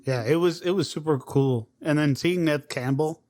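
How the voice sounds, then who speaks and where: A man chatting casually with friends, easygoing and excitable, peppering his talk with "dude" and "bro". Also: fairly high pitch, moderate pace. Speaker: podcast co-host. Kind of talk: casual chat.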